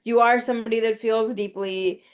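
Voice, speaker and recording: A woman guest joins a podcast over a video call, her voice a little high. She speaks reflectively and thoughtfully in a relaxed, chatty way, often reaching for casual fillers. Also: normal speed.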